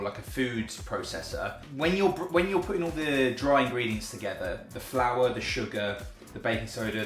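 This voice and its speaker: A man's voice: fairly low pitch, fairly bright tone, echoey room. A chatty, self-deprecating man, hosting a casual cooking video in his home kitchen.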